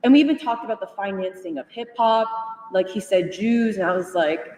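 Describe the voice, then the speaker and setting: A young woman retelling a conversation to a study group, animated and full of fillers, laughing as she goes. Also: mid-range voice, normal speed. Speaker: union member sharing at a study group. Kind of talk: casual storytelling in a group discussion. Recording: echoey hall, voice from far off.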